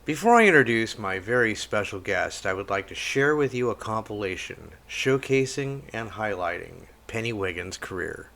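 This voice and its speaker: A man's voice: fairly low pitch, lively intonation, normal speed, vocal fry, hardly any pauses, a bit bright, a little hiss or hum. A man hosting a podcast interview, giving upbeat announcer-style introductions over a video call. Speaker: podcast host. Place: home studio, video call.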